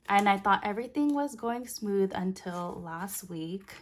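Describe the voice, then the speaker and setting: Slow-talking young woman counting cash. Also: medium pitch, slight background noise. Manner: soft, unhurried, counting bills aloud. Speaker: budgeting vlogger. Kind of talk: casual storytelling while counting cash.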